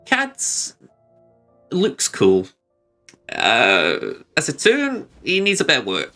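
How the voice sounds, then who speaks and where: A man's voice: fairly high pitch, wildly swooping pitch, slow, bright, forceful tone, faint music behind. A man streaming a video game, chatting casually about his moves and poking fun at himself. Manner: rambling, self-deprecating, chuckling. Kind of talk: casual gameplay commentary.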